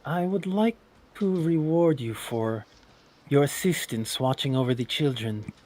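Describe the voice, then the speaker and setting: A man's voice: mid-range voice, unhurried, darkish tone, natural voice. A man voicing his courteous, formal adventurer character in a tabletop game. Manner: polite, formal and gracious.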